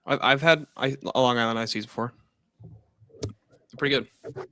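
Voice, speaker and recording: Bright, brash young man debating. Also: mid-range voice, steady tone, normal speed, dry recording. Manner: brash, swearing, rambling with restarts. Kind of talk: heated casual debate.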